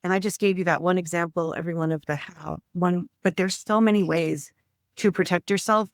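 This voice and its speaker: A woman's voice: fairly low pitch, fairly even intonation, fairly quick, no room sound, clean studio sound. A woman hosting a podcast interview, speaking earnestly and turning to address her listeners directly. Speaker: podcast host. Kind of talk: interview conversation.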